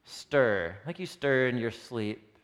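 A man's voice: medium pitch, slow. A man teaching scripture to a live group, reading passages aloud, explaining them, and asking the audience questions. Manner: animated, asks the audience questions. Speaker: Bible teacher. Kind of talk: interactive Bible teaching. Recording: long reverb of a hall.

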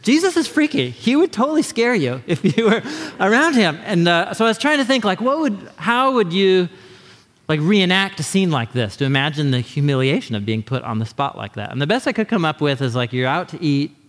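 A man preaching a sermon as pastor, in an animated, conversational way, sometimes acting out quick voices. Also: high voice, in a large hall.

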